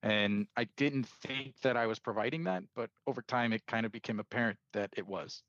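A man's voice: medium pitch, brisk, a bit bright, no room sound. A man who is a sports analytics guest on a podcast, telling stories chattily and acting out quoted dialogue. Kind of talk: casual interview chat. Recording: slightly dull, dry sound.

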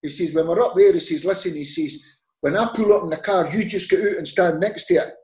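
Animated Scottish man telling stories. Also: high-pitched, fast, roomy sound. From Scotland. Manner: animated storyteller, acts out quoted dialogue, laughs often. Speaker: podcast guest, former footballer. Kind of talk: casual anecdote telling.

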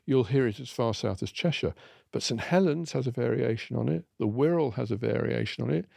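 Male radio guest, gravelly and slightly husky, animated, explanatory delivery. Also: medium pitch, a little fast, dry recording, studio quality. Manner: enthusiastic, explanatory, lively emphasis. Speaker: guest expert on accents. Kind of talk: conversational radio discussion.

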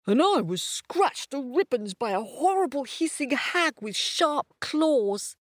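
A woman's voice: high voice, big pitch swings, slow, no echo, clean studio sound, pitched above the performer's own voice, exaggerated voice. A woman voicing a frightened male robber in a storybook tale, telling of a horrible hag. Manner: fearful, dramatic. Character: terrified man, a fleeing robber.

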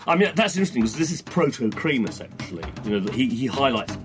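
A man's voice: medium pitch, sing-song, quick pace, over music. A man with a British accent hosting a podcast, reading old press clippings aloud in a casual, rambling way with stammered restarts. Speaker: podcast host.

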